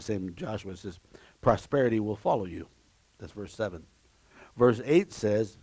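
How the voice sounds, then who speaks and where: A man gives a forceful sermon as pastor in a church sanctuary, his voice rising to shouts and dropping to low asides as he repeats key lines and exclaims praise. No room sound is audible.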